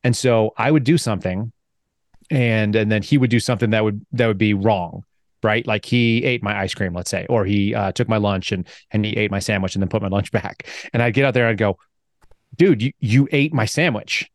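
Fast-talking male host, dry sound. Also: on the low side, steady tone, no echo. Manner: brisk and blunt, telling anecdotes. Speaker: podcast host. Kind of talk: conversational interview.

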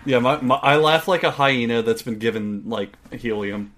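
A man's voice: medium pitch, moderate pace, background noise. A man co-hosting a podcast, teasing his friends and laughing often in casual chat. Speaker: podcast co-host.

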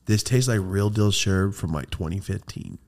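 A man hosting a podcast, telling a rambling, profane story in casual chat and getting animated as it builds. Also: low voice, normal speed. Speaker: podcast host.

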